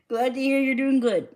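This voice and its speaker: A woman's voice: high voice, a little mellow. A woman cooking on a livestream in her home kitchen, chatting casually as she greets viewers and reads the chat aloud. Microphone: streaming mic.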